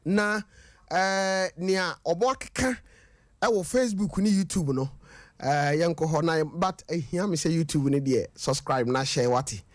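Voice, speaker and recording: A man's voice: a little high, measured pace, no echo. A man, hosting a storytelling radio show and talking casually to listeners. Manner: lively storytelling mixed with Twi and English.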